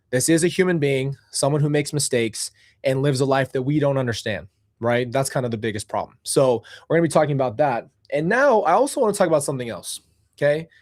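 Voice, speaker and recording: Animated chatty man hosting a stream. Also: medium pitch, dry recording, studio quality. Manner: animated, chatty, complains playfully, talks to chat. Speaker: host. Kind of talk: casual livestream commentary.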